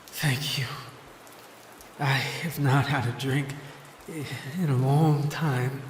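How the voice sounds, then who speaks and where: Trapped miner ghost, read by a male narrator: weary, soft, hopeful, unhurried delivery. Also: a little high, reverberant, big-room sound, slight background noise, pitched above the performer's own voice. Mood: tired, hopeful.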